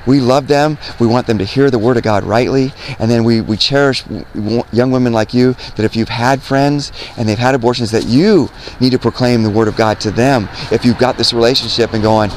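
A man's voice: medium pitch, steady tone, a little fast, few pauses. Earnest man preaching outdoors by traffic. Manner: earnest, repeats himself, quotes scripture, asks "right?". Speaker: street preacher. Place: outdoors by a road.

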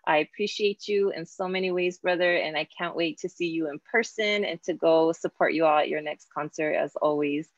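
A woman's voice: deep voice, fairly quick, few pauses, no room sound, muffled recording. A woman hosting an online class conversation, chatty and casual, slipping in Spanish words. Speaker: host and professor.

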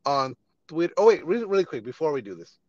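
A man hosting a casual podcast chat, laid-back and quick to laugh and swear. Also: on the high side, big pitch swings, a little mellow, dry recording, highs cut off. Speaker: podcast host.

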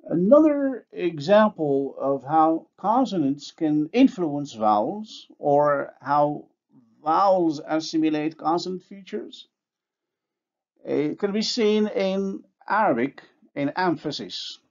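Slow-paced male phonology lecturer. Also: on the high side, lively intonation, a little mellow, lo-fi sound. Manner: slow, deliberate, pausing to model example words. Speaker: university lecturer.

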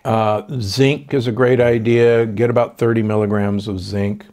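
A man's voice: lowish voice, level tone, moderate pace, darkish tone. An older man, a doctor hosting a podcast, giving confident health advice in conversation. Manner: confident, explanatory, with fillers.

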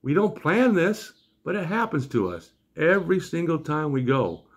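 A man's voice: on the high side, sing-song, moderate pace, slightly rough. An older man, a grandfather, tells a comic story with a wry, exasperated manner.

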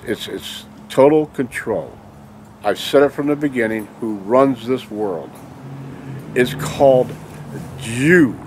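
A man's voice: mid-range voice, slight background noise. A man in an angry, heated monologue, speaking emphatically and repeatedly checking in with his listeners. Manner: heated and emphatic, keeps asking "okay?". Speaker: vlogger. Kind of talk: angry ranting monologue to camera.

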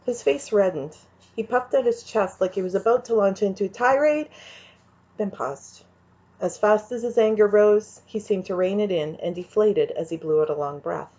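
A middle-aged woman, a mystery author, speaking softly and casually before reading from her novel. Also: mid-range voice, moderate pace, husky. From Canada. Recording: dull lo-fi recording.

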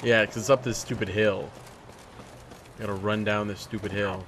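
A man's voice: fairly low pitch, little pitch movement, moderate pace, a bit bright, slight background noise. A man casually commenting on a game as he plays, chatting to his viewers and taunting enemies. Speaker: gameplay commentator. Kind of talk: casual let's-play commentary.

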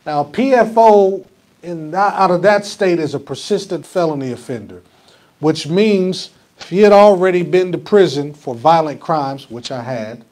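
A man's voice: on the high side, expressive, moderate pace, darkish tone. A man pastor preaching a conversational sermon in a church, often asking the congregation questions. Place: church sanctuary.

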